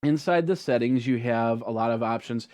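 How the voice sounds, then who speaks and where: A man explains software settings step by step in an easygoing, rambling way, full of ums and self-corrections. His voice sits at an ordinary middle pitch. The delivery is casual rather than polished. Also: moderate pace. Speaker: tech tutorial host. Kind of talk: screen-recorded software tutorial.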